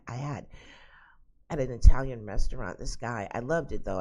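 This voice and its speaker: A woman's voice: extremely low pitch, mellow. A woman vlogging at home, chatting casually to camera and telling exasperated stories full of asides. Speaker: psychic vlogger. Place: at home indoors.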